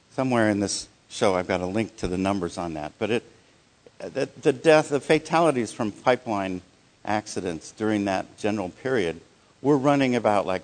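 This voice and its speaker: Male workshop presenter, low-pitched, casual and halting, with frequent restarts and audience check-ins. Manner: halting, many restarts and fillers. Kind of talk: live workshop talk.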